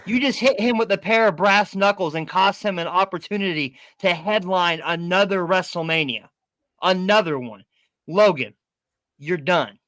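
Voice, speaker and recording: Guy cohosting a wrestling podcast, high bright voice, stammers a lot, swears, dry close sound. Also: normal speed, no room sound. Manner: excitable, stammers and repeats words, swears. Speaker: podcast co-host. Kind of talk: casual wrestling chat.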